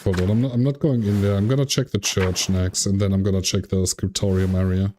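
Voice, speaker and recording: A man's voice: low voice, fairly even intonation, a little fast, dark tone, a little hiss or hum. A man streaming a game, chatting casually and poking fun at his own failures. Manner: chatty, self-deprecating.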